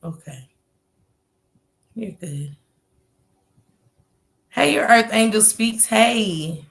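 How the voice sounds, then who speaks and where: Chatty woman hosting a livestream, gravelly. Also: mid-range voice, animated, very slow. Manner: chatty, greets commenters by name, slangy. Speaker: livestream host. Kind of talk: casual livestream chat greeting viewers.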